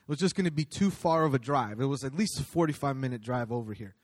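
A man's voice: mid-range voice, lively intonation, quick pace. A man speaking at a church, giving a casual sermon in a conversational, storytelling way with many ums and restarts.

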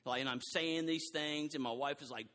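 A middle-aged man preaching a sermon in an animated way, acting out quoted dialogue and often restarting his sentences. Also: on the high side, moderate pace, big-room sound.

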